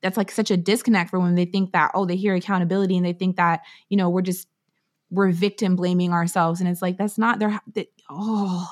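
A woman's voice: fairly low pitch, flat delivery, brisk. A woman from Canada in her thirties, an author talking candidly and bluntly in an interview, with plenty of slang and swearing. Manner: blunt, profane and emphatic, full of slang. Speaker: author and podcast guest.

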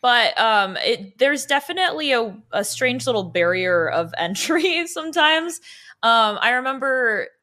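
A young woman talks casually as a podcast guest. Her voice is bright and a little high, and her speech is chatty and full of fillers. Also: sing-song, a little slow. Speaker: comedian guest.

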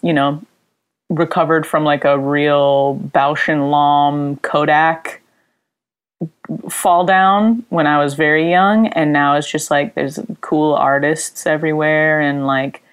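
A woman from upstate New York talks as a guest in a relaxed interview. Her voice sits low and her delivery is slow. She rambles with fillers and giggles easily. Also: clear, resonant tone. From Rochester, New York. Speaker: musician guest. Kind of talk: casual interview chat.

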